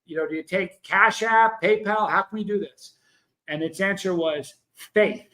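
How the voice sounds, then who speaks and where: A man with a high, bright, forceful voice hosts a casual livestream. He tells his story with emphasis and keeps turning to greet and address his viewers. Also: a little slow, low-quality recording. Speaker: livestream host.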